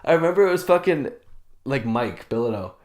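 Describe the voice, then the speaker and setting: A man's voice: medium pitch, expressive, fairly quick. A young man co-hosting a casual podcast, telling stories with lots of swearing and laughter and acting out what people said. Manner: swearing, laughing, acts out quotes loudly. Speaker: podcast co-host. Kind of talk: casual chat, storytelling. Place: sauna.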